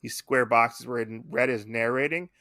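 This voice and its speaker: A man's voice: medium pitch, moderate pace, no room sound, clean studio sound. A man co-hosting a podcast, chatting casually and animatedly about a comic he is reading. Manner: animated, slips into silly character voices. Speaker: podcast co-host.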